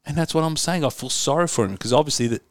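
A man's voice: fairly high pitch, fast talker. An Australian man co-hosting a casual sports podcast, getting worked up and exasperated in argument. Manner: animated, gets heated and exasperated when argued with. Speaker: podcast co-host.

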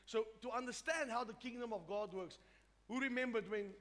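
A man's voice: very high voice, normal speed, fairly bright tone. A man preaching a sermon, emphatic and repetitive, often restarting his phrases. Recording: reverberant hall with faint music.

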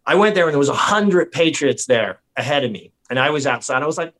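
A man on a podcast, rambling and animated, swearing and mimicking people as he tells stories. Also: a little high, fast talker. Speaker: podcast guest. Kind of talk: casual chat. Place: lives in San Diego.

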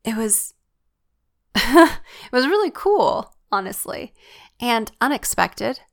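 Earnest woman with vocal fry. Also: fairly high pitch, very animated, takes it slowly. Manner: earnest, reflective storytelling. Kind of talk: personal faith testimony.

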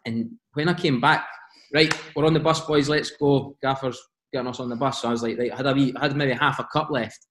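A man with a Scottish accent telling animated stories as a podcast guest, laughing often and quoting teammates. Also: medium pitch, a little fast, reverberant, noisy background. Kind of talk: casual storytelling.

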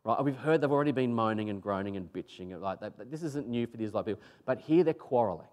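A man's voice: fairly low pitch, lively intonation, quick pace, darkish tone. Man preaching in a colloquial style. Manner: colloquial, emphatic preaching with repeated phrases. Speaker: pastor. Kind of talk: sermon.

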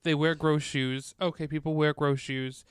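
A man chatting casually about a movie, animated and acting out his own reactions. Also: a little high, normal speed, smooth, no echo, clean studio sound. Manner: animated, acts out reactions in quotes. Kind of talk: casual chat about a film.

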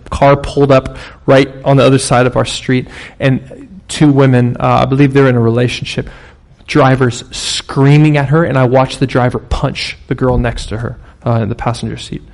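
A man's voice: medium pitch, a little mellow. A man preaching a sermon in a conversational, storytelling way, with sudden bursts of emphasis. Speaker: pastor.

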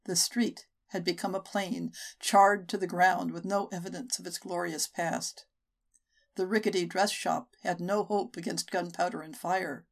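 A woman narrating a short story for a podcast in a measured, steady way. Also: fairly low pitch, vocal fry. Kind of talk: audiobook narration.

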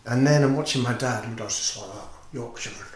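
A man's voice: medium pitch, fast talker, crowd noise. A man who teaches and sings, a guest in a casual interview, telling his story in an earnest, reflective way. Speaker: podcast guest, teacher and singer. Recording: roomy echo with faint noise.

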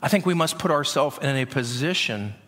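A man's voice: medium pitch, animated, brisk, fairly bright tone. A middle-aged man preaching a sermon to his congregation, talking conversationally and often repeating words as he goes. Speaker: pastor. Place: church sanctuary. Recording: long reverb of a church hall.

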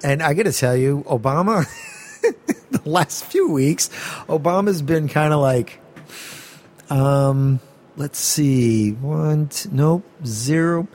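Animated, swearing man in casual chat. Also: on the high side, slow, slight background noise. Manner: animated, swearing, laughing often.

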